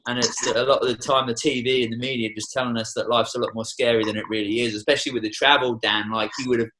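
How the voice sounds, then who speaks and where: A man's voice: medium pitch, level tone, fast talker, background noise. A young Australian man, a tour guide, talking passionately and swearing freely as a guest in a podcast studio. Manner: passionate, heavy swearing, preachy. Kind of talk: casual podcast conversation.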